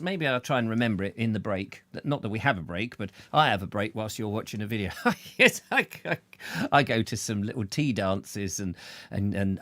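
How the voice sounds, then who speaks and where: A man's voice: medium pitch, fairly bright tone, no echo. A man hosting a live chat show, greeting viewers by name in a rambling, jokey way full of silly asides. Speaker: show host.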